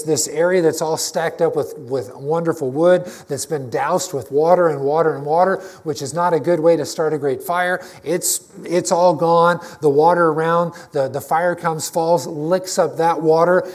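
High-voiced man preaching a sermon. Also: normal speed, few pauses. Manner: conversational, emphatic preaching with frequent restarts. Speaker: pastor.

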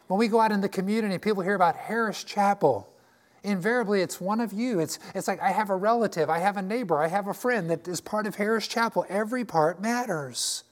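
A man's voice: sits high, quick pace. An older man preaching a folksy sermon in a church, joking and checking in with his congregation. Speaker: pastor. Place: church sanctuary.

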